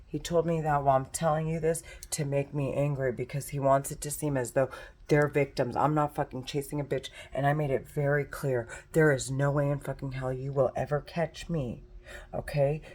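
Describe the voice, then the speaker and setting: Upset woman venting to camera at home, lowish voice, swearing and repeating herself. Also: fairly even intonation, moderate pace, darkish tone. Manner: angry, profane, repetitive ranting. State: distressed and agitated. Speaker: vlogger. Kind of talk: agitated monologue to camera. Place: at home in her condo.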